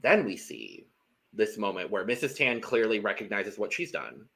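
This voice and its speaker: A man's voice: fairly low pitch, moderate pace, gravelly. A man co-hosting a podcast, recapping a reality show in casual chat and acting out the contestants' lines. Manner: animated, acts out quotes from the show. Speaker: podcast co-host.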